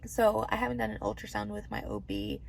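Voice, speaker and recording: A woman vlogging from a hospital room as a pregnancy vlogger, chatting to camera in a bubbly, gushing, excitable way. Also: mid-range voice, a little fast, creaky, slight background noise. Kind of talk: casual chat to camera.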